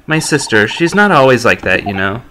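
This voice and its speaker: A man's voice: medium pitch, very animated, normal speed, sharp tone, a little hiss or hum. A man voicing an eager young woman detective who loves science, in a bubbly, lecturing manner. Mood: wistful.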